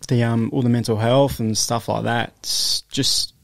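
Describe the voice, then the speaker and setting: Gravelly Australian man in his thirties. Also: mid-range voice, steady tone, measured pace, no echo. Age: 30s. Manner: open and emotional, laughs often. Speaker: guest, amateur boxer. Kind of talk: casual interview chat.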